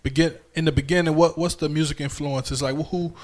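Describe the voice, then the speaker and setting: A man from New York raised in North Carolina, hosting a podcast in a relaxed way and repeating words as he asks questions. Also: a little high, a little fast. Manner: easygoing, stumbles and repeats words while asking. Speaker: podcast host. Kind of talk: casual interview hosting.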